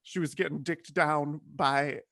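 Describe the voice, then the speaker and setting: A man's voice: a little high, steady tone, unhurried, creaky, a bit bright, no echo, clean studio sound. A man hosting a podcast, chatting in a campy, playful way and laughing often. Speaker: podcast host. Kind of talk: casual comedic interview chat.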